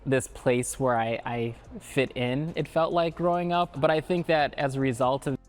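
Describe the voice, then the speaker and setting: A man's voice: mid-range voice, moderate pace, soft background music. A man in a panel discussion, talking reflectively and hesitantly with many fillers. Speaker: panel participant. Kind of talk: reflective casual talk.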